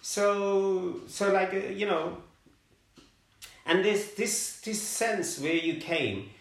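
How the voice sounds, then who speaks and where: A middle-aged man from London telling his life story in an interview, halting and repeating words as he searches for them. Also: sits high, creaky. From London, England. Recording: roomy echoey room.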